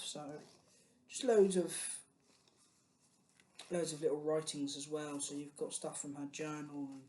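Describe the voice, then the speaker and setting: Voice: mid-range voice, darkish tone, a little hiss or hum. Rambling British book collector vlogging. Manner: rambling, many ums and restarts, chatty. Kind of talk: casual book haul chat.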